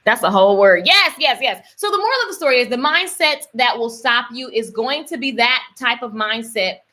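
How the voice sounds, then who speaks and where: Husky, chatty woman coaching. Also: on the high side, animated, normal speed, bright, forceful tone. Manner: chatty and preachy, repeats words for emphasis. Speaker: coach and livestream host. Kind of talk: casual motivational livestream.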